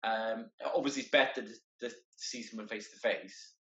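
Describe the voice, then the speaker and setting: Speaking over a video call, a guest who is entering a wheelchair marathon chats casually in a middle-pitched voice, earnest and halting, often doubling back on his words. His tone is steady and sharp, and the sound is roomy, slightly dull, and lo-fi.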